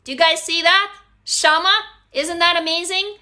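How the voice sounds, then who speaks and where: A woman in her 40s leads a writing group over a casual live stream, reading viewer comments out loud while speaking bluntly, emphatically and with plenty of swearing. Her voice is very high-pitched, bright and forceful, with fairly even intonation at a moderate pace.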